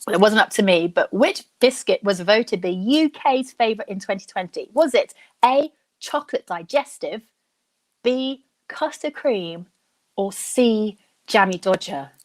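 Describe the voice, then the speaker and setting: A young woman hosting a live online quiz, chatting and thinking out loud, reading each question slowly and then repeating it. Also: medium pitch, animated. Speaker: quiz host.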